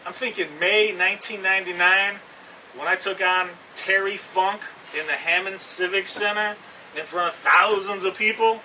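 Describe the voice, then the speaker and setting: A man's voice: sits high, fairly even intonation, moderate pace, bright, forceful tone. A man who is a pro wrestler, giving a cocky, boastful, trash-talking interview in character. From Canada. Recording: distant mic with background noise.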